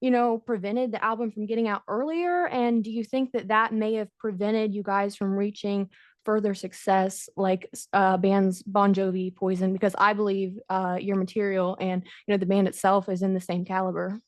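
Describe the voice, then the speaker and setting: A woman's voice: medium pitch, fairly even intonation, normal speed, no echo. A woman hosting a podcast interview, eagerly thanking her guest and asking long, talkative questions. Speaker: podcast host. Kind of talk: casual interview chat.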